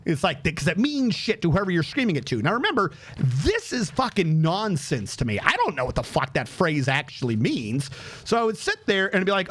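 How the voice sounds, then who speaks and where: High-voiced young man telling a profane story. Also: normal speed. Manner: animated, profane, acts out quoted exchanges. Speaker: streamer. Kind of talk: casual storytelling while streaming a game.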